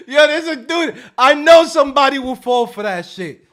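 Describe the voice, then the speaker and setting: A man hosting a casual livestream, joking loudly and profanely and acting out scam calls. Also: very high voice, animated, moderate pace. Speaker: livestream host.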